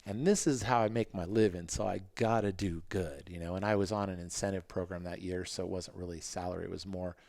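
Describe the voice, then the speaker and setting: A man in his fifties, a podcast guest, telling racing stories in a casual, animated way and acting out what people said. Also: brisk, gravelly, hardly any pauses, no room sound. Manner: animated, acts out quotes in a higher voice. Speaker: podcast guest, former motocross racer. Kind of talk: casual interview storytelling.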